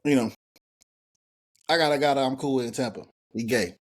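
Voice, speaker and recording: Fast-talking animated young man. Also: medium pitch. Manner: animated, emphatic, swears freely. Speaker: podcast co-host. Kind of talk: casual group discussion.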